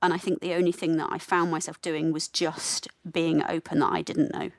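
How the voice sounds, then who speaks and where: A woman with a softened English Midlands accent talks as a podcast guest in a candid, reflective way, often stopping to correct herself. Her voice sits a little low for a woman. The sound is close and dry, with no room around it. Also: level tone, moderate pace, no room sound. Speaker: guest, theatre nurse. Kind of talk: relaxed podcast conversation.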